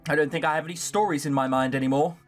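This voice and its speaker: A player reading a visual novel aloud, voicing a gentle, soft-spoken girl who has lost her wealth. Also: mid-range voice, steady tone, racing, soft background music, natural voice. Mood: wistful. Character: gentle fallen rich schoolgirl.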